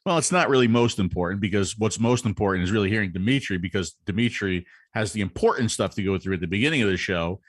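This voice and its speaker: A man's voice: lowish voice, fast talker, hardly any pauses, dry recording. A man co-hosting a casual live-stream show, teasing his partner in playful banter. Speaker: co-host.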